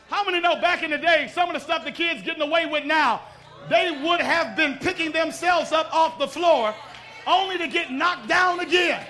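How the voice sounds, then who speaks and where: A man's voice: extremely high pitch, brisk, bright, forceful tone, soft background music. A middle-aged man preaching a sermon fervently, calling out for responses from the congregation.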